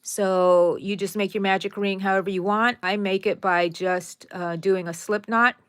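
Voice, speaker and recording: A woman's voice: mid-range voice, fairly even intonation, normal speed, clean tone, dry recording, clean studio sound. A woman hosting a casual crochet tutorial, chatting to viewers and counting her stitches aloud.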